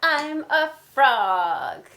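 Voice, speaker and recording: A woman's voice: sits high, sing-song, very slow, echoey room, voice pushed up, exaggerated voice. A woman voicing a playful young female pig who pretends to be a frog, reading a picture book aloud. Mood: proud. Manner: loud, croaking ribbit sounds.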